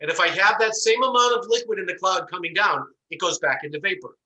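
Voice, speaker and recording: A man lectures to an online class through a computer microphone. His voice is sharp and bright and sits a little high. He tells an animated story and acts out the voices in it. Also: quick pace, lo-fi sound. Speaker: instructor.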